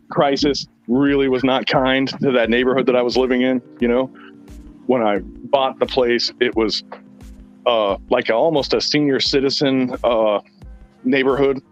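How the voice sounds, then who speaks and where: A man hosting a podcast, telling rambling stories in a blunt, profane way. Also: medium pitch. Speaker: podcast host. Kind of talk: casual chat. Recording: dull lo-fi sound.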